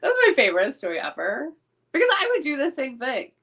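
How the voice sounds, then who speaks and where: A woman co-hosting a podcast, chatting casually and warmly teasing her friend. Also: sits high, wildly swooping pitch, a little fast, breathy edge. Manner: playful, teasing, encouraging. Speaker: podcast co-host. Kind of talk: casual chat.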